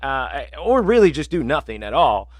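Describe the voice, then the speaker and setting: A man's voice: mid-range voice, sing-song, moderate pace, dry recording. A man hosting a sports betting podcast, telling rambling, profane stories in casual chat with lots of fillers.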